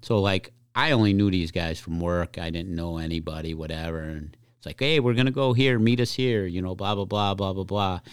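Man, Chicago accent, low voice, dry close sound, casual storytelling. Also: a little fast, few pauses, clear, resonant tone, dry recording. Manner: laughs often, tells anecdotes loosely. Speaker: firefighter and actor guest. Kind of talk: casual podcast chat.

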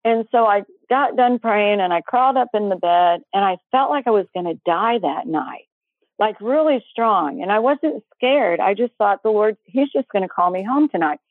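A woman's voice: medium pitch, lively intonation, moderate pace, no echo. A middle-aged woman tells a heartfelt personal story as an interview guest. She talks in an earnest, breathless way and acts out what people said. Her voice comes through a thin, phone-like line with no room sound.

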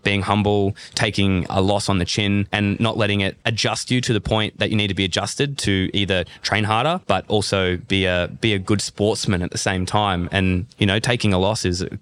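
A man in his thirties from Australia with an Australian accent, a guest athlete telling stories in a casual interview. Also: on the low side. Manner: animated storyteller, acts out remembered dialogue.

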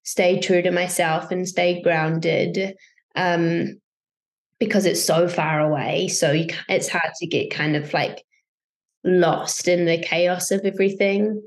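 A woman's voice: lowish voice, steady tone, slow. A young woman with a New Zealand accent, chatting as an actor guest in an interview, with frequent fillers and light laughs. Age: young adult. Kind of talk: casual interview chat.

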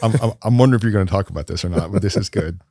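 Man, podcast co-host, very deep voice, easygoing dry humor. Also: rapid-fire, warm tone, husky, no echo. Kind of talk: casual podcast chat.

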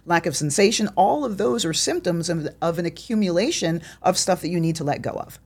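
Husky woman guest with a lively voice. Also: on the low side, a little fast. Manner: affirming, explanatory, frequent agreement. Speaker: podcast guest, tantra teacher. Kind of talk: casual interview chat.

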